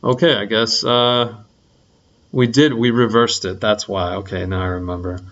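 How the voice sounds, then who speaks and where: A young man teaching a programming lesson in a relaxed, rambling way, full of ums and likes. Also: on the low side, moderate pace, highs cut off. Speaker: coding instructor.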